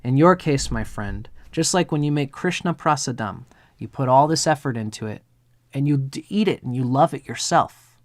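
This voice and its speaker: A man's voice: mid-range voice, expressive, moderate pace, no room sound. A man giving a live astrology chart reading, earnest and meandering, drifting into storytelling.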